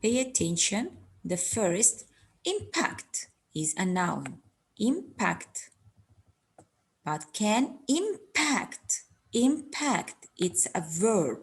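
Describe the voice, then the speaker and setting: A woman teaching an English lesson, slowly repeating words and giving their meanings. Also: medium pitch, big pitch swings, breathy edge. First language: Arabic. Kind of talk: recorded classroom lesson.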